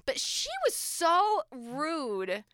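A woman's voice: high voice, big pitch swings, drawn-out words, a bit bright, no room sound, clean studio sound. A woman in her thirties, a radio and podcast host, chatting casually and telling a story with acted-out quotes and casual swearing.

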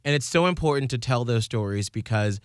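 A man's voice: medium pitch, lively intonation, fairly quick, clean tone, no echo, studio quality. A man hosting a casual chat, asking guests questions and encouraging them as they share. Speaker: host.

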